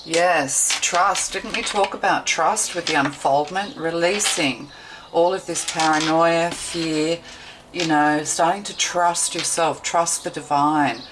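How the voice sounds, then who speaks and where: A woman's voice: sits low, steady tone, slow, noisy background. A woman tarot reader giving a meandering, intuitive card reading, thinking aloud with many fillers.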